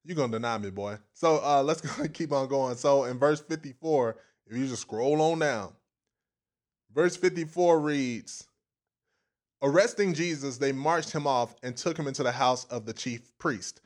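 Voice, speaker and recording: A man's voice: mid-range voice, a little slow. A man preaching a casual, folksy sermon, repeating phrases and stopping now and then to chuckle.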